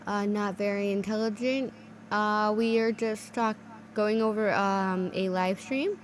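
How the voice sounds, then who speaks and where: A woman's voice: medium pitch, steady tone. Woman streamer, casual thanks, faint hum behind her, lots of ums. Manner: warm, grateful, halting with fillers. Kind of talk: casual chat.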